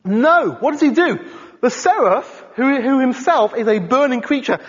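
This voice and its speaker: Animated high-voiced man preaching. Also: normal speed, slightly rough. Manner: animated, conversational, asks the congregation questions. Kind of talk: sermon. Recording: dull sound in a reverberant hall.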